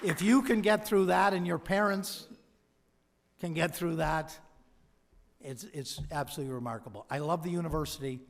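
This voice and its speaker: A man's slightly high, gravelly voice, at normal speed, with a little hiss or hum, delivers a convocation address as an honorary doctorate recipient. He shares motivational anecdotes with energy, acting out quoted lines, while the large hall's PA adds long reverb.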